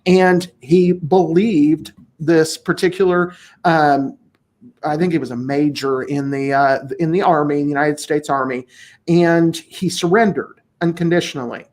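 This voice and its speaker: A man hosting a casual podcast discussion, talking in a blunt, profane and animated way. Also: a little high, unhurried. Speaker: podcast host.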